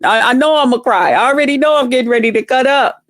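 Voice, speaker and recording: Quick-paced and animated, a high-voiced woman vlogger tells salty, foul-mouthed stories to camera while chatting with live viewers. She talks bluntly and directly to them. There's no echo, just a dry close mic with no room sound.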